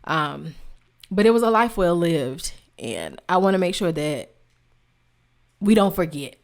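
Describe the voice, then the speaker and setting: A woman with a notably low voice hosts a heartfelt tribute podcast. She talks straight to her listeners with open emotion and repeats her key phrases for emphasis. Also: sing-song, unhurried. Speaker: podcast host.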